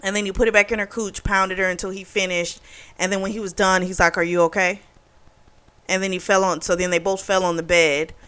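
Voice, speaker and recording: A woman's voice: medium pitch, little pitch movement, fast, fairly bright tone, clear, resonant tone. A woman hosting a book club, retelling a novel's plot in a casual, profane, indignant way and voicing the characters' quotes. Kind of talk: casual book review recap.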